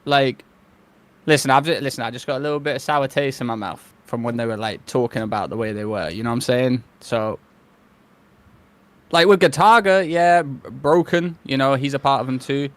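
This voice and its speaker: A man's voice: medium pitch, moderate pace. A male co-host with a mid-range voice. He talks casually about esports, circling his point with lots of "like" and "you know." The tone is loose and conversational. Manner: rambling, full of fillers. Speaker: podcast co-host. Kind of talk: casual esports podcast chat.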